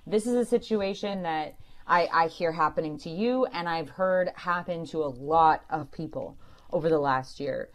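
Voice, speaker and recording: Lady lawyer on a radio call-in, fairly low voice, lays out the law firm and clear. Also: moderate pace. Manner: clear, emphatic explaining. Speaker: employment lawyer, radio show host.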